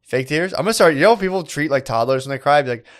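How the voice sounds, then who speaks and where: A man's voice: a little high, animated, fast talker. A man co-hosting a comedy podcast, laid-back and swearing casually as he agrees along. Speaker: podcast co-host. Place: indoor podcast studio.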